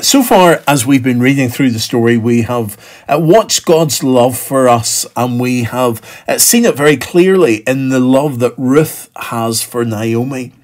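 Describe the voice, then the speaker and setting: A middle-aged male pastor giving an earnest devotional reflection on a Bible story, with the occasional filler between phrases. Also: mid-range voice. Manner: earnest, acts out quoted voices.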